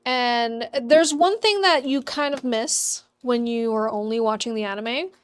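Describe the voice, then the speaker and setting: A woman with a somewhat high, smooth voice speaks unhurriedly while hosting a craft livestream. As she works, she chats upbeat with viewers in the live chat and laughs often.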